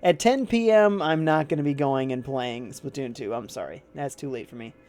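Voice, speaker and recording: A man's voice: medium pitch, normal speed, darkish tone, faint music behind. A man casually commenting while he plays a video game live and reads chat messages aloud. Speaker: livestreaming gamer. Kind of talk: casual let's-play commentary.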